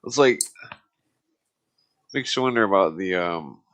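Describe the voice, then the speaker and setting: Deep, bright-toned drawling man. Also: animated, a little slow. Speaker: podcast host. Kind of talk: casual chat.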